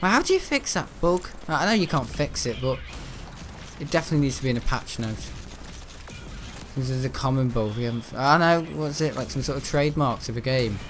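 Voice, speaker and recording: A man's voice: medium pitch, fairly quick, fairly bright tone, a little hiss or hum. A seventeen-year-old boy, rambling and grumbling through casual gameplay commentary. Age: teens. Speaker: gaming channel host.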